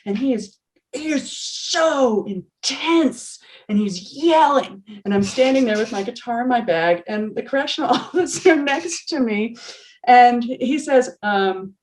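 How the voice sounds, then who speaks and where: A woman in her forties, a yoga teacher, telling an earnest, animated story on a video call with laughs and restarts. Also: fairly high pitch, a little slow.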